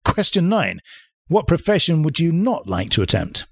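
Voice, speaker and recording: A man hosting an interview podcast, quizzing his guest playfully with quick questions and small laughs. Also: on the high side, sing-song, creaky, husky, no room sound. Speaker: podcast host.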